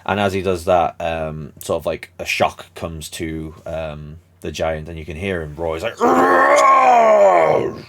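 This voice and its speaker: A man's voice: a bass voice, level tone, unhurried, hardly any pauses, heavy background noise. A man narrating a tabletop role-playing session as game master, rambling with many ums.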